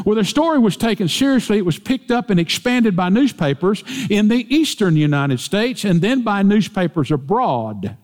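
A man preaching in a church sanctuary, his voice sitting a little high for a man and carrying a long hall reverb. He talks slowly and deliberately, pressing each point with emphasis and rising as he quotes scripture. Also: darkish tone. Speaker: pastor. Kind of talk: sermon.

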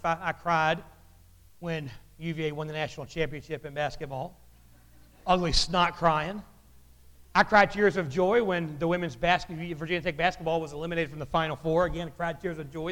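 A man, a pastor, preaching a sermon in a blunt, conversational way, slowing down to stress key lines. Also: high-pitched, a bit bright, big-room sound.

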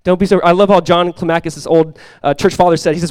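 A man's voice: sits high, fairly even intonation, racing, hardly any pauses, darkish tone, no room sound. A young adult male pastor giving a conversational sermon, joking and acting out little quotes.

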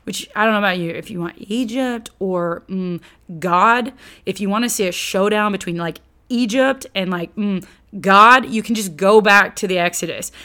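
A woman teaching on scripture in an animated, conversational way, acting out quotes and dropping casual slang. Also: medium pitch, normal speed. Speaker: Bible teacher.

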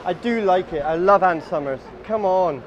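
A man's voice: high-pitched, normal speed, highs cut off, some chatter behind. A man leading a walking group outdoors on a city street, telling chatty, absurd comic stories and calling everyone guys. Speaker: comic tour guide.

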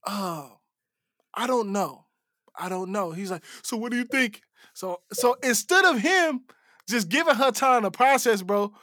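A man co-hosting a casual podcast chat, retelling scenes in an animated way and acting out the people in them. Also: very high voice, no room sound, clean studio sound. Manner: animated storyteller acting out quotes. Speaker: podcast co-host.

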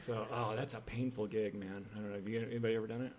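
Male comic guest, relaxed and chatty, breaks into loud impressions. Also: on the low side, muffled recording, crowd noise. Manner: quick, loose storytelling with bursts of shouted impressions. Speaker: comedian guest. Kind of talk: casual podcast chat.

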